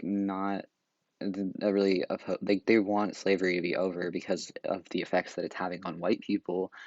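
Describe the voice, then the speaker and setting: Tired young man with a low voice. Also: darkish tone, no echo, muffled recording. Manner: rambling, sarcastic, many fillers. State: tired, slightly out of breath. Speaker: student explaining history. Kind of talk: casual study narration. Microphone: wireless earbuds.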